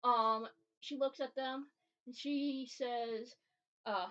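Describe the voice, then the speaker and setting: Giggly high-voiced woman running a game. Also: steady tone, takes it slowly, a bit bright. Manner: giggly, casual, hesitant with fillers. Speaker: game master. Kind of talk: narrating a tabletop game. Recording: dull lo-fi recording.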